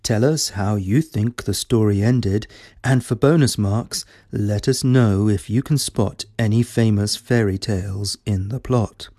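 A man's voice: lowish voice, a little slow, dark tone, dry recording, studio quality. A man hosting a story podcast, addressing listeners in a friendly way and inviting their answers. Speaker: host.

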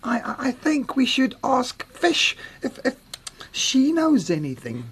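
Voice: sits high, huge pitch swings, measured pace, fairly bright tone, exaggerated voice. An actor voicing a timid rabbit who stammers and hesitates in a children's audio story. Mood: hesitant.

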